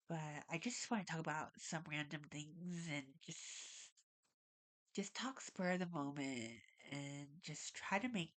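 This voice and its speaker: A woman vlogging casually at home, rambling and saying "like" a lot, with a stuffy nose and audible breathing. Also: sits low. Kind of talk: casual talk to camera. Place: at home, alone.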